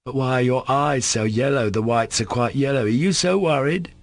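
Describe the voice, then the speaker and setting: A man's voice: medium pitch, normal speed, dry recording, voice pushed up, natural voice. A man reading an audiobook, voicing a sick former valet who drawls with contempt. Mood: scornful.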